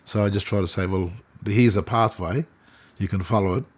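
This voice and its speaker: Older Australian man, low and halting. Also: slightly rough. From Central Australia. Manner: halting, many fillers and restarts. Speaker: artist and elder, interviewee. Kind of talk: reflective interview storytelling.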